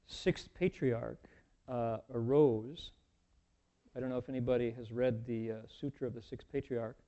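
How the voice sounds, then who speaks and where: A man's voice: medium pitch, lo-fi sound. A man giving a folksy, humorous dharma talk, telling a story with many asides. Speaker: dharma teacher.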